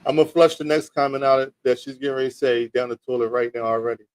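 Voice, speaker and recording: Male sports talk host, mid-pitched, dry close mic, rambling picks, teases chat. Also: steady tone, fast, a little mellow, dry recording, rough recording. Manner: rambling, repeats words, teasing chat with mock toilet flushes. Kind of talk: casual football picks talk, reacting to live chat.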